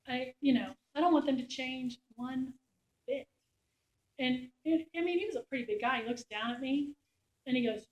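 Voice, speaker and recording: A middle-aged woman, a war reporter, telling lively anecdotes to a class and acting out the soldiers' lines. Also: high-pitched, moderate pace. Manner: animated anecdote-telling, acts out quoted soldiers. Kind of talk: storytelling talk. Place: lecture room. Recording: echoey room.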